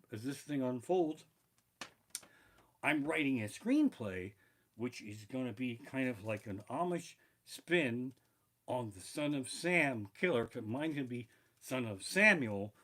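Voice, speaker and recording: Profane rambling comedian, bright and lively. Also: male voice, mid-range voice, a little slow. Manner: rambling, profane, reads from notes. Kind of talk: live-streamed storytelling stand-up. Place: living room. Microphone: barebones home streaming mic.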